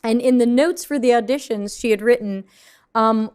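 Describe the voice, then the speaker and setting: A woman's voice: a little high, normal speed, a little mellow, clear, resonant tone. Brief: woman co-host, from New York, outspoken and passionate, casual panel talk, swears freely. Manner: blunt, fiery, swears freely. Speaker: UX consultant, co-host.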